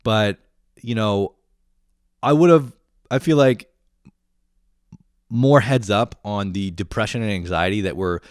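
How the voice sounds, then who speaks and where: Low-voiced young man ranting. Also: measured pace, long pauses, clear, resonant tone, no room sound, studio quality. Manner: profane, animated, laughs often. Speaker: vlogger. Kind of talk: casual comedic rant.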